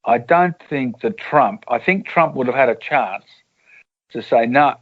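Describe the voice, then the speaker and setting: A man's voice: mid-range voice, expressive, unhurried, phone-quality sound. Rambling Australian man telling anecdotes. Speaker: author and journalist. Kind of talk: casual interview.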